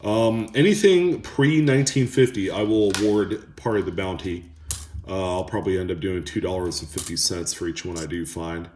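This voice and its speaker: A man hosting a coin roll hunting video, chatting casually and haltingly to viewers as he sorts coins. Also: sits low, darkish tone, slight background noise. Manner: rambling, halting, talks to viewers. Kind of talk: casual chat while sorting coins. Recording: echoey room with coin clinking.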